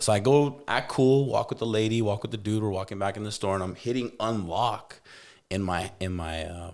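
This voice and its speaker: A young man with a low voice tells a wild story on a podcast, loose and animated, dropping swears and quickly acting out the people in it. His tone is relaxed and conversational. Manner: animated, acts out quoted voices, swears casually. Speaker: podcast host. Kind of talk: casual storytelling.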